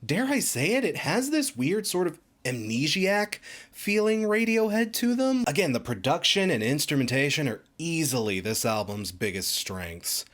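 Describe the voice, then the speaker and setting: Animated man reviewing an album. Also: a little high, normal speed. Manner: animated, chatty, emphatic asides. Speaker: music reviewer.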